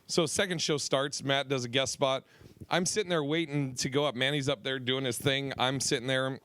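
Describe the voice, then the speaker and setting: A man's voice: medium pitch, fairly even intonation, moderate pace, fairly bright tone, no room sound, clean studio sound. A man hosting a comedy podcast, telling a club story in a rambling, profane way with many restarts. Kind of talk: casual storytelling chat.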